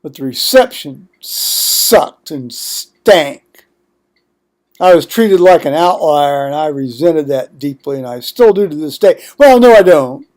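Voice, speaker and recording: A man's voice: fairly high pitch, lively intonation, slow pace, a little mellow. An older man vlogging at home in a rambling monologue, digressing often with blunt, profane asides.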